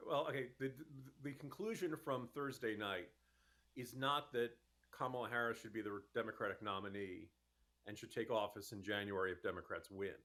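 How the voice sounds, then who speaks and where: A man speaking as a commentator guest on a talk radio interview, arguing his case in a fast, exasperated, emphatic way. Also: lowish voice, sharp tone.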